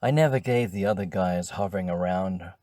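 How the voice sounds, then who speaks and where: An older man reading his own memoir aloud in a measured, wry first-person storytelling manner. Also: low voice, dark tone, no room sound, studio quality. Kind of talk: audiobook narration.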